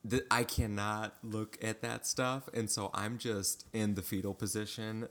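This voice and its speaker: A man's voice: lowish voice, flat delivery, a little slow, fairly bright tone. Self-deprecating man in casual chat. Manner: self-deprecating, laughs at himself.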